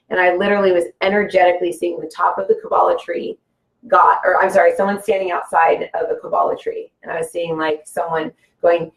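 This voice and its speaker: A woman with a somewhat low voice chats casually as a guest, wandering from thought to thought and leaning on "like" and "you know." Her voice carries a noticeable room echo, as if recorded in a bare, reflective space. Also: fairly even intonation, fast talker. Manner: rambling, full of "like" and "you know". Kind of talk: casual spiritual conversation. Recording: echoey room.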